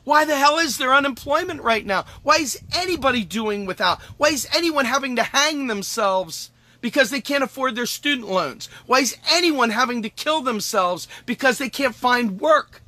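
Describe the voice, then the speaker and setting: A man's voice: very high voice, lively intonation, moderate pace, sharp tone. A man delivering an angry, emphatic political monologue as host, swearing and repeating lines for effect. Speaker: podcast host.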